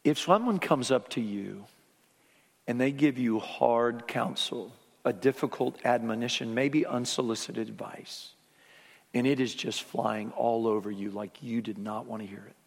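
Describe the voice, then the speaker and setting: A male pastor preaching a sermon, swinging from lively emphasis down to soft, hushed tones. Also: medium pitch, unhurried, vocal fry, husky, in a large hall.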